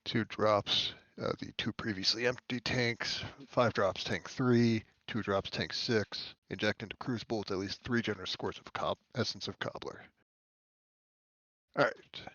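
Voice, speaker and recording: A man's voice: fairly low pitch, steady tone, measured pace, fairly bright tone, no echo. A man playing a tabletop game, muttering to himself as he checks his notes. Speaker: player. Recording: dull, dry sound.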